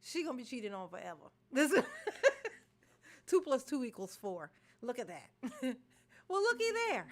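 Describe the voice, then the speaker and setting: Speaking a little slowly with long pauses, this Maryland woman has a fairly high voice that swings widely in pitch. She hosts a reaction video of casual commentary, ranting animatedly while she laughs and swears.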